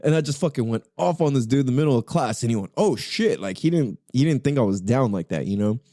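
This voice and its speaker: A man's voice: mid-range voice, expressive, quick pace, dark tone, no echo, clean studio sound. A young man hosting a podcast, telling a story in casual, profane slang full of fillers. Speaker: podcast host.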